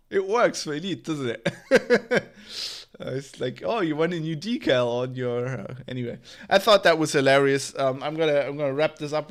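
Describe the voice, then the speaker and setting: A man's voice: mid-range voice, a bit bright. A man hosting a casual livestream tech news show, rambling with lots of fillers, laughing and swearing.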